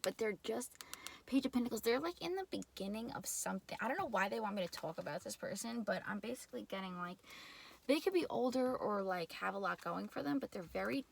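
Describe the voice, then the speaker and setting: Ny lady doing a tarot reading, rambly and chatty, kinda gravelly voice. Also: mid-range voice, lively intonation, fairly quick. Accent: New York. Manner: chatty, rambling, lots of "like" and laughs. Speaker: tarot reader.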